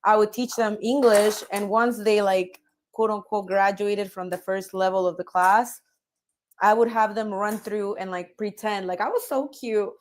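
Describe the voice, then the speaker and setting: A woman's voice: mid-range voice, steady tone, a little slow, a little hiss or hum. A woman guest in a casual chat, telling a story in a chatty, giggly way.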